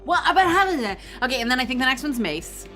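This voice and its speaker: Woman cohost on a stream, bit high, joking around, soft music behind. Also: very animated. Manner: playful, quick guessing banter. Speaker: stream co-host. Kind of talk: casual live-stream chat.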